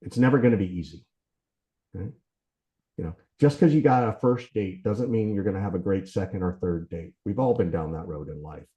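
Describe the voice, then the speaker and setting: Fast-talking Southern man, mellow voice. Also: deep voice. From Southern US, Georgia. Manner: fast, conversational, peppered with "right?" and "you know". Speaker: sales trainer and speaker. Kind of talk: talk with role-played sales dialogue. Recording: slightly dull sound.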